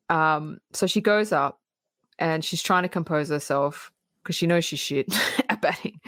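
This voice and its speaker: A woman's voice: lowish voice, no room sound. A woman co-hosting a podcast, animatedly retelling a film in casual chat and often laughing as she acts out scenes. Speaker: podcast co-host.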